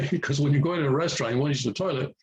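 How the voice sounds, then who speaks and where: A man's voice: a little high, rapid-fire, low-quality recording. Hesitant man giving a casual lesson. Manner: hesitant, many fillers and restarts. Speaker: language teacher. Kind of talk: casual spoken lesson to viewers.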